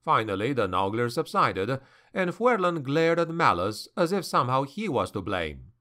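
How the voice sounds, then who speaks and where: A man reading a fantasy novel aloud as an audiobook narrator, slow and measured. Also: medium pitch, big pitch swings, pushed and bright.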